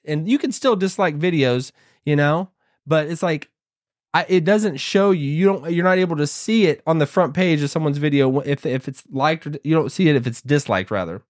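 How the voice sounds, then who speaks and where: High-voiced rambling man vlogging. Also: moderate pace. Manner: rambling, restarts often, emphatic repetition. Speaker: YouTuber. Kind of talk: casual talking-to-camera monologue.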